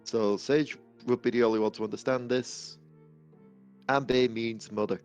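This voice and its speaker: A chatty man plays a tabletop game, narrating his character's quiet actions between jokes. His voice sits mid-pitch, with faint music running underneath. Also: fairly even intonation, normal speed, clear, resonant tone. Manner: chatty, jokey. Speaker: player.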